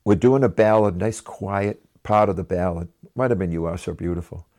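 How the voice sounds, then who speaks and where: Low-voiced man telling road stories. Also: normal speed, warm tone. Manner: chatty, laughs often, restarts sentences. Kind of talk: casual anecdotal storytelling.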